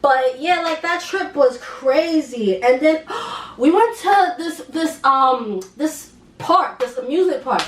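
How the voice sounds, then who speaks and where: Young female vlogger, high pitch, animated slangy storytelling, roomy and slightly distant sound. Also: slow. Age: young adult. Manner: animated, slangy, laughs while telling. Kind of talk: casual storytime.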